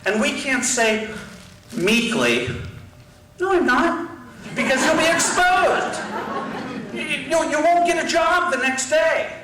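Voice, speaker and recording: This guest lecturer has an extremely high voice with big pitch swings, and he takes his time while a crowd is audible behind him. Forceful and combative, he gives an impassioned political lecture and acts out whispered asides. The large university hall sounds roomy, with his voice far from the mic and faint noise.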